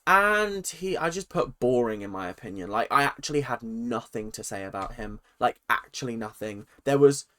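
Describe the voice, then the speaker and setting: A young man in his twenties rants casually to the camera in a chatty, opinionated way. He keeps his pitch in an ordinary middle range, breaking off into quick asides and self-corrections. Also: animated, pushed and bright. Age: 20s. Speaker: vlogger. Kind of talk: casual rant vlog.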